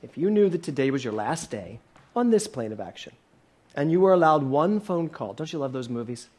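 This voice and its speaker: Older guy preaching to a congregation in a church hall, fairly high voice, keeps asking the room questions, playful. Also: sing-song, brisk, darkish tone. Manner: asks the congregation many questions, playful and laughing at times. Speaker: minister. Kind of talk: sermon.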